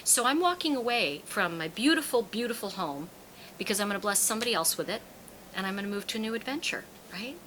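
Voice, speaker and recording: Speaking quickly in a mid-range voice, a tarot reader and teacher addresses an audience informally, acting out the voices in her lively stories. The audio is poor, with slight background noise.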